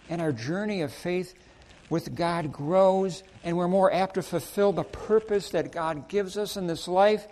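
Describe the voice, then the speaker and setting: In a church sanctuary, a man preaches a sermon, animatedly telling stories and acting out both sides of brief exchanges before leading a prayer. His voice sits high and moves a little slowly.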